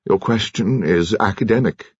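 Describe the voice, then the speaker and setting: A grave old colonel, as a male narrator puts him on, deep and husky, weighing every word with quiet misery. He sounds subdued and measured, dropping into a low, hushed register. The audiobook recording is dry and a little muffled. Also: no room sound.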